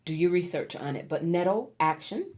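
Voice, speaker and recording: A woman with a low voice reads tarot cards for viewers. She is encouraging and emphatic, and she leans on repeated key words to drive each point home. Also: expressive, normal speed, darkish tone, faint music behind. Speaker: tarot reader. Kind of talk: pick-a-card tarot reading.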